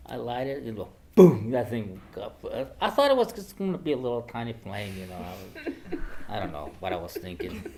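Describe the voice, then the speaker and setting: Older man telling stories, halting. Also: on the low side, animated, crowd noise. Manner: hesitant, many fillers and restarts. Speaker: guest speaker. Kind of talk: personal storytelling to a class. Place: classroom.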